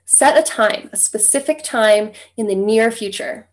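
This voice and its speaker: A woman's voice: a little high, measured pace. A young adult woman working as a divorce coach, talking straight to her listeners in an easygoing way and checking in with "right?" as she goes. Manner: conversational, tags points with "right?". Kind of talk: direct-to-camera coaching talk.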